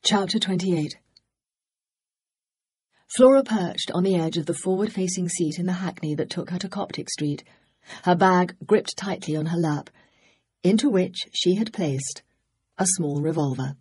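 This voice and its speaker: A woman narrating a cozy mystery audiobook, measured and poised. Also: on the low side, darkish tone, breathy edge. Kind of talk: scripted narration.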